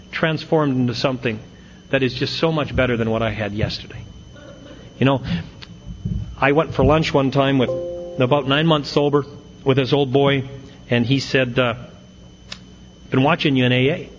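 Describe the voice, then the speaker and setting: Middle-aged man, AA speaker, storytelling with punchlines, mid pitch, muffled lo-fi recording. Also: a little hiss or hum. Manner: storytelling with punchlines, acts out quotes. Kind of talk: humorous recovery talk.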